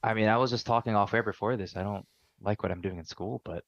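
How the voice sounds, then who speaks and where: A young man with a low, gravelly voice, talking slowly and thoughtfully as a podcast guest. His voice is dry and close, with a dull, slightly lo-fi tone. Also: fairly bright tone, dry recording. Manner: thoughtful, searching for words. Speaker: podcast guest, martial arts instructor. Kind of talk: reflective conversation.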